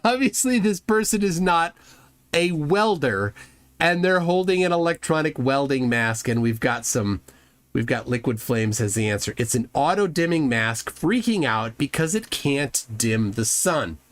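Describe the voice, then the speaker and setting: A man hosting a casual reaction show, sarcastic and quick to laugh loudly at what he watches. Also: fairly high pitch, animated, no room sound. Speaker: host reacting to videos. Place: home room with a fan running.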